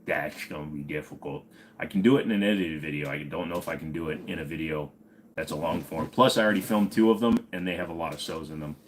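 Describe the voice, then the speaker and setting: Deep-voiced man rambling on a livestream. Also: quick pace, a little hiss or hum. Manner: rambling, joking, greets viewers by name. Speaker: livestream host of a gun channel. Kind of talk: unscripted live stream chat.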